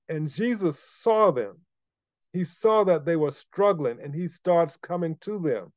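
A man preaching in a sermon, emphatic and driving home points by repetition. His voice sits a little high for a man. The recording is dry and slightly dull. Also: darkish tone, no echo. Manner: emphatic, repeats key phrases.

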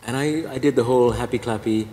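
A man's voice: mid-range voice, fast. A man in his fifties from Singapore, a Catholic priest telling his story in a humorous, self-deprecating way, laughing at his own jokes. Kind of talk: humorous personal testimony talk. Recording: echoey hall, faint background noise.

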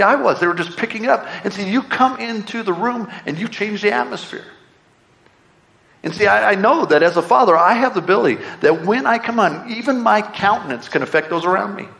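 A man's voice: sits high, gravelly, a bit bright. A middle-aged man preaching a sermon, earnest and conversational, full of repeated rhetorical questions. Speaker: pastor. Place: church sanctuary.

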